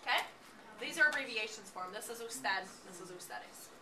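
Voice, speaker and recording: A woman's voice: on the high side, animated, a little fast, sharp tone. Woman teacher in an echoey classroom. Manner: encouraging, checks understanding often. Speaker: Spanish teacher. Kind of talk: classroom lesson. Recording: echoey classroom from far off, background noise.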